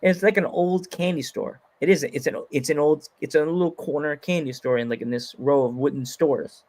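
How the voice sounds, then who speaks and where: American man, podcast host, somewhat high voice, giggly, rambling, casual chat. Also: normal speed, darkish tone. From United States. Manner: giggly, rambling, lots of fillers and restarts.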